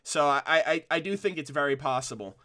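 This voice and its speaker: A man's voice: on the high side, lively intonation, a little fast, pushed and bright. A young man hosting a livestream, rambling in casual commentary with lots of restarts and fillers. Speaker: streamer discussing a cartoon episode.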